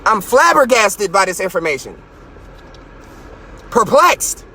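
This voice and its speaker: A man with a very high, bright, sharp voice rants loudly and mockingly as a podcast host. He talks from his car into a phone, boastful, his pitch shooting up when he gets worked up. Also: sing-song, slow pace, slightly rough. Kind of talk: profane comedic rant.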